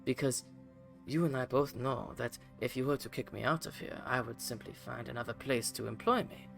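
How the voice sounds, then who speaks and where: A man voicing a haughty woman fighter who speaks calmly and coldly threatens. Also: mid-range voice, creaky, faint music behind, natural voice. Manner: calm, measured, coldly threatening.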